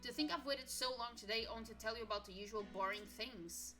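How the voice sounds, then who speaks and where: A woman voicing a friendly young woman in her twenties, a worried best friend who talks warmly and apologizes often. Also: fairly high pitch, fast talker, over music, natural voice. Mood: chatty. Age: 20s. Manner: warm, chatty, apologetic.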